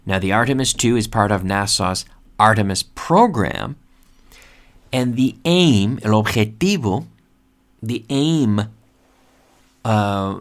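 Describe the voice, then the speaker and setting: A man hosting an English lesson, speaking slowly and repeating key words so learners can practice pronunciation. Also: fairly low pitch. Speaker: English teacher and podcast host. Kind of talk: casual vocabulary lesson.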